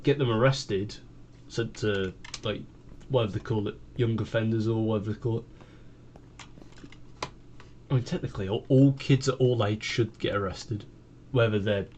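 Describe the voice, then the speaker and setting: A man's voice: mid-range voice, a little mellow, a little hiss or hum. A British man casually telling a rambling story, full of fillers and restarts. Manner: rambling, full of fillers and repeated "I kid you not". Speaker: gaming vlogger.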